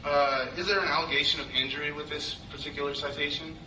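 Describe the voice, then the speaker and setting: A man questioning a judge in court, halting but insistent. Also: a little high, flat delivery. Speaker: defendant in court. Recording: distant, roomy courtroom recording with hiss.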